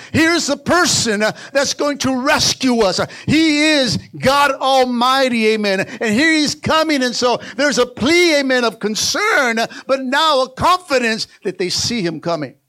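A man's voice: very high voice, animated, unhurried, few pauses, sharp tone. A male pastor preaching a sermon in a church, fervently urging the congregation to answer back with repeated calls. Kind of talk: sermon with call-and-response. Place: church sanctuary.

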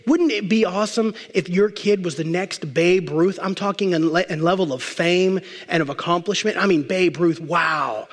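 A male pastor preaching a sermon, emphatic, stacking repeated phrases and slowing down to stress key words. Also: high-pitched. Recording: long reverb of a large hall.

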